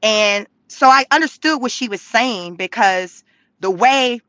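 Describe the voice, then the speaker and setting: Bright high-voiced woman telling stories. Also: unhurried, no room sound. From California, US. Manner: animated, laughs often, swears freely. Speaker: vlogger. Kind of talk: casual storytelling to viewers.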